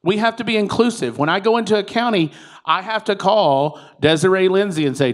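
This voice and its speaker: A man's voice: sits high, expressive, a little fast. A man, a political candidate giving a chatty, joking conference speech. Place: conference room with audience.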